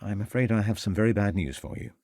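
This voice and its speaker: A man's voice: lowish voice, darkish tone, no echo, clean studio sound. A man voicing a determined male police inspector who speaks firmly and assertively. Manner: firm, assertive, measured.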